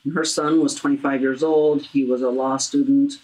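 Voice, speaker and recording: A woman hosting a talk show, speaking earnestly and haltingly about grief, with frequent restarts. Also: extremely low pitch, steady tone, darkish tone, low-quality recording. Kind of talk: heartfelt interview about grief.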